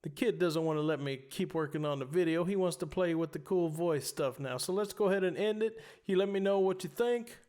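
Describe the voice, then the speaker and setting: A man hosting his own gear review, casually talking through a mixer demo at home. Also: on the high side. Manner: relaxed, unhurried, talking through each knob as he tries it. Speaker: host of a gear review channel.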